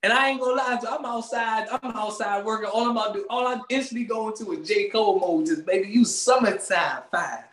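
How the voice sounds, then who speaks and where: A man co-hosting a podcast, ranting loudly with swearing and frequent laughter, speaking. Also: high-pitched, fast, hardly any pauses, reverberant. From Maryland, USA. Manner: loud, animated, swearing, laughing often. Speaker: podcast co-host. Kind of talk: casual comedic rant.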